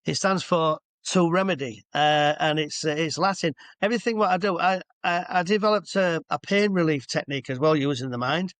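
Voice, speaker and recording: A man in his sixties chats his way through long anecdotes as a guest hypnotherapist. His voice sits a little high for a man, and it is recorded dry and close, over a video call from home. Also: fairly quick, few pauses, a bit bright, no room sound. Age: 60s. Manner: chatty, rambling, stops to explain asides. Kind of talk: casual anecdotal storytelling. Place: at home with a dog nearby.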